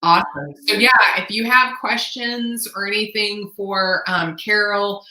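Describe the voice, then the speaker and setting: A woman's voice: mid-range voice, fairly even intonation, a little slow, sharp tone. Chatty woman host, echoey room. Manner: chatty, greets viewers by name. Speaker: host of a live stream. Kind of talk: casual live-stream chat.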